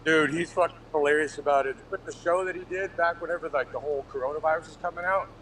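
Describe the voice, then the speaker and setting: Brief: foul-mouthed excitable guy, slightly raised pitch, noisy background. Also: quick pace. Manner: crude, excitable, heavy swearing. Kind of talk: casual chat on a live stream. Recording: clear background noise.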